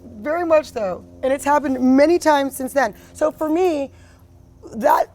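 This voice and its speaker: A woman's voice: high voice, lively intonation, unhurried, darkish tone. Blunt, emphatic woman in her thirties. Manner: emphatic and blunt, fillers like "like" and "you know". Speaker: interview guest. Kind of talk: candid personal conversation.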